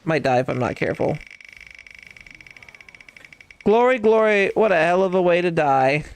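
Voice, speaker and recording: A man's voice: fairly high pitch, fast talker, a little hiss or hum. A man streaming a game, chatting casually in a playful, teasing and boastful way. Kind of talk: casual gaming chat.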